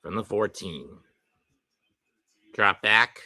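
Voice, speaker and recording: Bright-voiced man calling a football game. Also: fairly low pitch. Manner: brisk clipped calls of each play. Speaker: play-by-play commentator. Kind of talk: amateur play-by-play commentary.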